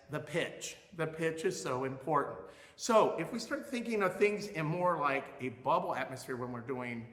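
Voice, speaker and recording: A man teaching a music lesson, explaining expressively and showing loudness with his own voice. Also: a little high, reverberant, long reverb tail.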